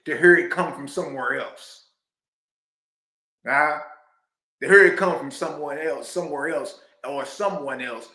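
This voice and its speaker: A man hosting a reaction video, talking loudly and excitedly, laughing often and dropping preacher-style asides. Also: fairly high pitch, reverberant. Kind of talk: animated commentary reacting to a clip.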